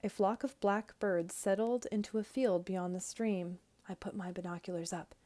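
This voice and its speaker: A young woman teacher reads a picture book to young children, her voice clear and expressive. She keeps an easy middle pitch and explains the birds plainly. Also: moderate pace.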